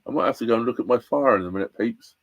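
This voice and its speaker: A man from England live-streaming from inside his narrowboat, chatting in a rambling way with restarts and lively bursts. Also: mid-range voice, rapid-fire, dry recording. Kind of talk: casual live-stream chat.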